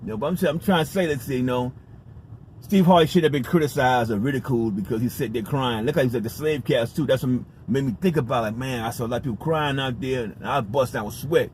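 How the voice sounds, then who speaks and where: Over a little hiss or hum, an American man's mid-range voice tells a story for his vlog. He's a vlogger who rambles casually, stays emphatic, swears some, and keeps repeating himself.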